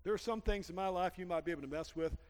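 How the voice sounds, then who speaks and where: Animated preaching man in a reverberant hall. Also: high voice, racing. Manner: animated preaching with shouted peaks and storytelling. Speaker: pastor. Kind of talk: sermon.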